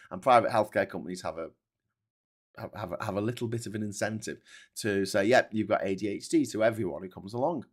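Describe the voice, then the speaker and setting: A man hosting a casual livestream, reading viewer comments and ranting with lots of swearing and restarts. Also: on the low side.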